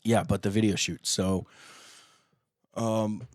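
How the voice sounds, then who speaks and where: A man's voice: fairly low pitch, steady tone, slow, a little mellow, no echo, clean studio sound. A man co-hosting a band podcast in casual chat, rambling and laughing often, with a cough drop in his mouth. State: sucking cough drops. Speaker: podcast co-host, band guitarist.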